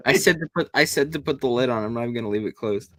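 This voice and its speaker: A man at an ordinary pitch talks in a dry, matter-of-fact way while he works, poking fun at his own project. A faint hiss sits under the recording. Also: racing. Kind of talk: casual chat while crafting.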